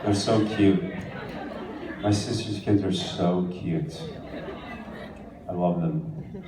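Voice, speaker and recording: A fairly low-voiced man from New Jersey fields fan questions at a convention panel, teasing and laughing as he answers. He is heard from a distance in a big, echoing hall. A crowd murmurs behind him. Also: fairly even intonation, takes it slowly. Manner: joking and teasing, laughs often. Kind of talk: casual fan Q&A. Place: large convention hall with an audience. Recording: echoey hall, distant mic, crowd noise.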